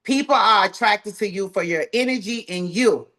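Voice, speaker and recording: A woman with a Southern US drawl, running a live sales training call in a folksy, energetic, encouraging way. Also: mid-range voice, moderate pace. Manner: folksy, talks straight to the group, says "y'all" often.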